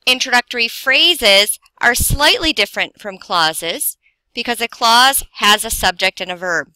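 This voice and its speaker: A woman teaching a grammar lesson, explaining slowly and deliberately with pauses for emphasis. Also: on the high side, lively intonation, sharp tone, dry recording, poor audio. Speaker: English teacher.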